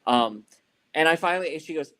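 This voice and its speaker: A man's voice: fairly high pitch, animated, a little fast, bright, forceful tone. A man on a podcast, telling a story in casual chat, rambling and swearing, with lots of "like" and "you know.". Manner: frequent fillers like "like" and "you know". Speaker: podcast co-host.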